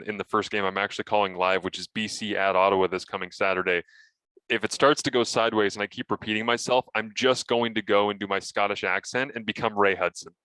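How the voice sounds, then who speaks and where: A man co-hosting a casual sports podcast, telling animated stories and acting out his own broadcast lines. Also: fairly low pitch, clean tone, no room sound. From Canada.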